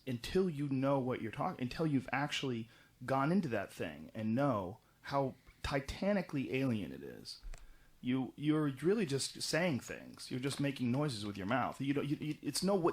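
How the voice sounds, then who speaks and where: A middle-aged man in casual podcast conversation, telling long, animated stories full of swearing and restarts. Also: medium pitch, moderate pace. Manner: animated, profane, rambling storytelling. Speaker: podcast guest recounting experiences.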